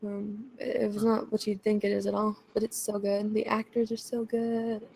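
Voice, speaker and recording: A woman's voice: mid-range voice, monotone, moderate pace, creaky, warm tone, a little hiss or hum. A woman co-hosting a casual podcast chat, talking in a gushing, chatty way and laughing often. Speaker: podcast co-host.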